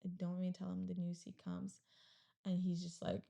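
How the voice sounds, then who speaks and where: Gravelly-voiced young woman sharing a story. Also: lowish voice, completely flat delivery, normal speed, warm tone. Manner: rambling, heavy use of "like". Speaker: podcast guest. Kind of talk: emotional personal story.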